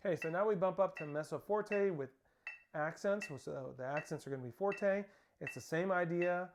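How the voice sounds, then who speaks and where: A man's voice: on the high side, animated, normal speed, loud music behind the voice. A man teaching a snare drum lesson, counting beats aloud and calling out stickings and start cues. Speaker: percussion instructor. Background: snare drumming.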